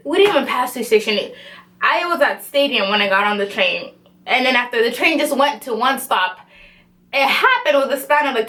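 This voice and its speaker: A young woman vlogger telling a story in a casual, animated way, with lots of slang and swearing. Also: on the high side.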